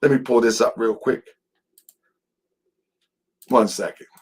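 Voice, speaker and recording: A man's voice: mid-range voice, fairly even intonation, takes it slowly, slightly rough. A man hosting a heated commentary, repeating his points emphatically and confrontationally. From Baltimore, US. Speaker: host.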